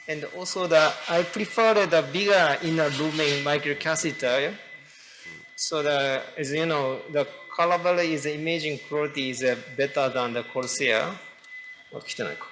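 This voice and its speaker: A man with a Japanese accent explaining a live heart procedure as he works, halting with many fillers and restarts. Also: on the high side, over music, rough recording. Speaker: cardiologist performing a live procedure. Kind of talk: live case explanation at a conference.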